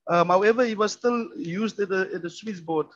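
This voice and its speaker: A man's voice: high-pitched, moderate pace, slight background noise. A man presenting at a public forum as a municipal skills official, hesitant and full of restarts. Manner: hesitant, many ums and restarts. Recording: dull lo-fi recording.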